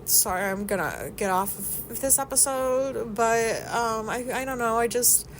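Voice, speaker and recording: A woman's voice: fairly high pitch, unhurried, a little hiss or hum. A woman hosts her own podcast and talks through her grief, sounding sad and teary. Her speech is loose and rambling, full of fillers and false starts, with casual swearing mixed in. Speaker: podcast host. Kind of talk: casual personal monologue.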